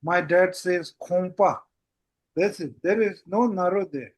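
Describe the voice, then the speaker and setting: A man teaching a language class in a relaxed way, often repeating "that's it" and "how goes it". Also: high voice, normal speed, husky. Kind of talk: casual online language lesson.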